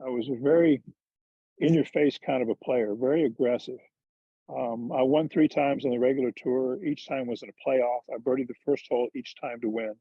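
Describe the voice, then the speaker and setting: A man's voice: medium pitch, fairly even intonation, normal speed, breathy edge, no echo. A man, a former touring golfer and TV commentator, telling candid, self-deprecating stories in a casual interview. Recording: dull lo-fi dry sound.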